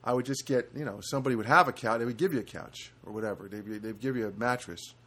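A man's voice: mid-range voice, quick pace, a bit bright. A middle-aged man hosting a solo podcast, rambling and self-deprecating, with many fillers and restarts. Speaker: podcast host.

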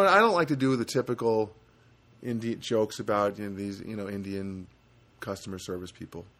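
A man's voice: fairly low pitch, a bit bright. A man delivering a sarcastic, rambling comedic rant with many restarts.

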